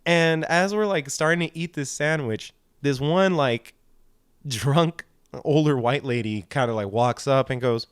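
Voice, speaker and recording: A man's voice: mid-range voice, expressive, normal speed, smooth, no room sound, clean studio sound. A young man co-hosting a podcast, telling a drunken story in a rambling, profane way with lots of fillers. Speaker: podcast co-host. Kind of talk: casual storytelling.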